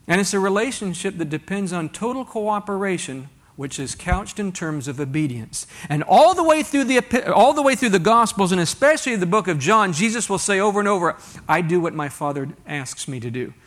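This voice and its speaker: A man's voice: high-pitched, expressive, a little fast, hardly any pauses, a bit bright. A man preaching a sermon to a congregation, reading scripture aloud and asking rhetorical questions in a conversational way. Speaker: pastor.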